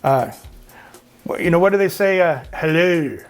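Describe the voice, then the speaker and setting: A man's voice: high voice, normal speed, faint music behind. A Canadian man in his fifties hosting his own channel, chatting casually and rambling a little as he reads out viewer comments. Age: 50s. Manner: rambling, chatty, frequent filler words. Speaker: YouTube host.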